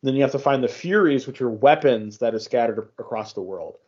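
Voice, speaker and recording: A man's voice: mid-range voice, a little mellow, husky, muffled recording. A man casually chatting on a gaming podcast, rambling with many restarts as he recounts a game. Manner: rambling, many restarts, acts out game dialogue in quick voices. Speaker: podcast host.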